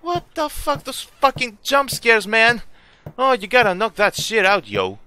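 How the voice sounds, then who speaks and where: A young man with a high, bright voice narrates his own horror game session. He swears often and yelps at the scares. His pitch leaps all over, and a faint hiss sits under the recording. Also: huge pitch swings, a little slow, clean tone. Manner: jumpy, swearing, yelling at jump scares. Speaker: gaming YouTuber. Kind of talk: horror game let's play commentary.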